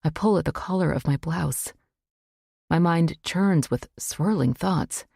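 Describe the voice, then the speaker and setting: Low, gravelly woman narrating slowly. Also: mellow, dry recording, studio quality. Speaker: audiobook narrator. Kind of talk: first-person scripted narration.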